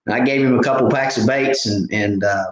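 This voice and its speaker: A man's voice: medium pitch, a little fast. Casual man in his thirties hosting a live fishing stream, rambling and folksy, in an echoey room with a faint hiss. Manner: rambling, folksy, lots of fillers and restarts. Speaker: fishing channel host.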